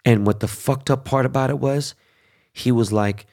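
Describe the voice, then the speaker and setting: A man's voice: medium pitch, normal speed, darkish tone. A middle-aged man hosting a show, ranting in a heated, profane casual monologue full of fillers and restarts. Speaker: show host.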